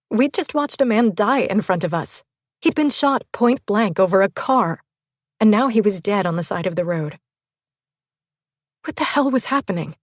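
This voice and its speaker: A woman's voice: medium pitch, no echo. Woman narrating a tense audiobook. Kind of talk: first-person novel narration.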